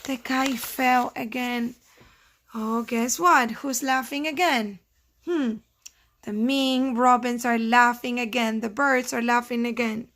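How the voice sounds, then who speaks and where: Slow-reading first grade teacher. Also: female voice, on the high side, fairly even intonation, a bit bright. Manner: slow, explanatory, asks the children questions. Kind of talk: reading a storybook lesson to children.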